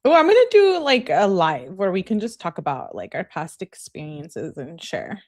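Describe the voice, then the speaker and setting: A woman's voice: on the low side, sing-song, moderate pace, darkish tone. A woman streamer giving casual, reflective commentary to her chat. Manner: chatty, reflective, many fillers. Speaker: streamer reacting to a video.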